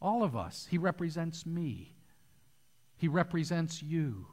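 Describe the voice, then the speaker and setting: A man preaching a sermon to a church congregation, telling stories with lively, animated delivery. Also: on the high side, slow pace. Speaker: pastor. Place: church hall. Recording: long hall reverb.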